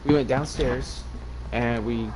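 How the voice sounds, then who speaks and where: A young man from Arizona co-hosting a podcast, telling stories in a casual, animated way and swearing freely. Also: mid-range voice, slow, over music, rough recording. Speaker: podcast co-host. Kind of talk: casual chat. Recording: loud background noise.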